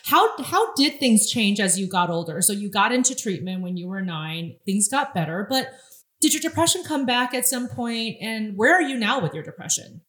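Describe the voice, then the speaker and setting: A woman's voice: medium pitch, big pitch swings, moderate pace, a bit bright, echoey room. A woman hosting an interview, reflecting back on what the guest said and asking thoughtful questions. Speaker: host.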